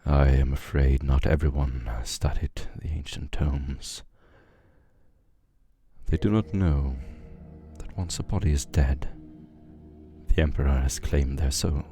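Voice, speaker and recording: A man voicing a stern, pious old male archconfessor who speaks in a grave, measured, disapproving way. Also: very deep voice, steady tone, dark tone, husky, dry recording, faint music behind, exaggerated voice. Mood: weary scorn.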